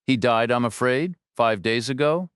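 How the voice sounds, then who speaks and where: A man's voice: mid-range voice, moderate pace, clear, resonant tone, no room sound, studio quality, voice pushed up, lightly acted. A man doing an earnest young woman lawyer. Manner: earnest, persistent questioning.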